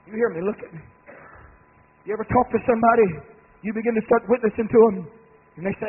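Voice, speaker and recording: A man preaching a sermon, building to shouted climaxes and then dropping low and soft. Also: fairly quick, husky. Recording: tinny phone-like radio broadcast with faint noise.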